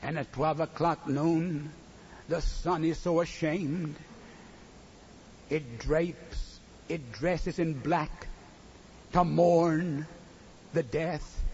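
Brief: male preacher, slow and rhythmic, hushed to shouting, somewhat high voice, muffled recording. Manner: slow rhythmic delivery, swinging from hushed to loud cries. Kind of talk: sermon. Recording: muffled recording with faint noise.

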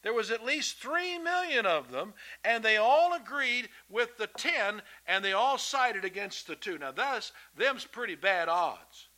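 A man delivers a sermon in a folksy, emphatic way, repeating himself as he makes his points. His voice sits a little high and sounds very bright and sharp. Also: very animated, measured pace, hardly any pauses, rough recording. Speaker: preacher. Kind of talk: sermon to children and adults.

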